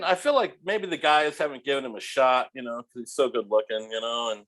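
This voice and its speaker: A middle-aged man telling restaurant stories as a podcast guest, animated, profane and laughing as he goes. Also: medium pitch, fairly quick. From United States. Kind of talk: casual storytelling.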